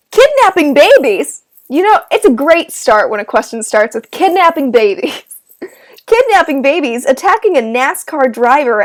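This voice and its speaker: A woman hosting a live online trivia game, reading each question twice and tossing in playful, jokey asides. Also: high-pitched. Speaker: trivia host.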